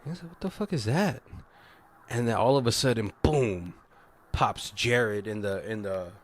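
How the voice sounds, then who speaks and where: A man co-hosting a casual movie commentary chat, rambling, swearing freely and acting out characters' lines in quick voices. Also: lowish voice. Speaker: podcast co-host.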